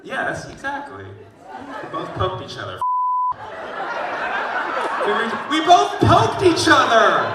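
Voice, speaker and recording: A male stand-up comedian working the crowd with animated, teasing banter on a club stage. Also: very high-pitched, takes it slowly, pauses often. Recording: live stage recording with crowd noise. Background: audience laughter.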